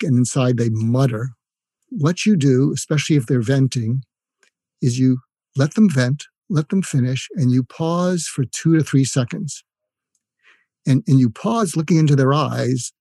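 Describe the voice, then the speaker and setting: Older man explaining calmly, dry sound. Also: mid-range voice, no room sound. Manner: explains with examples and role-played phrases. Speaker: guest, communication expert. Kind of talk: instructive interview talk.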